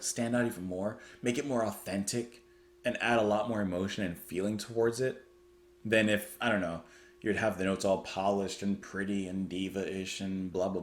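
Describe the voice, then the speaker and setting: A man's voice: fairly low pitch, roomy sound. A man giving casual reaction commentary on music, chatty and thoughtful as he muses aloud.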